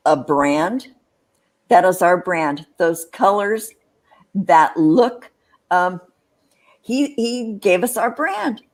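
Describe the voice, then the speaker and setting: A woman co-hosting a casual livestream chat show, rambling with many restarts and quick laughs. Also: medium pitch.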